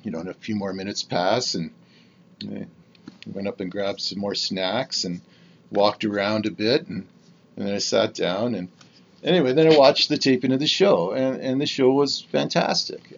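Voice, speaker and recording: A man on the edge of sixty talks through his own podcast in a loose, rambling way, stopping and restarting his sentences. His voice sits fairly low. The recording sounds dull and lo-fi, with a faint hiss underneath. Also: gravelly. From Canada. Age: 50s. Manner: rambling, candid, with many fillers and restarts. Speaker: podcast host. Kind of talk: casual solo podcast monologue.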